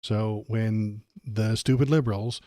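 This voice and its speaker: A man's voice: fairly low pitch, steady tone, a little slow, mellow, dry recording, studio quality. A man hosting a political livestream, ranting sarcastically and tripping over his words. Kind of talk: casual political commentary.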